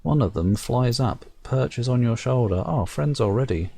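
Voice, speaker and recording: Gravelly, dark-voiced man reading game text. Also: mid-range voice, expressive, moderate pace. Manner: wry asides while reading narration aloud. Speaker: gamer playing a fantasy game. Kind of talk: let's-play commentary reading game text.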